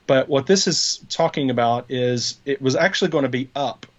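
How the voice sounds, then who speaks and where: A man's voice: mid-range voice, moderate pace. Man, podcast co-host, casual chat, rambling explanations, dull lo-fi recording. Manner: rambling, explains with many fillers and restarts.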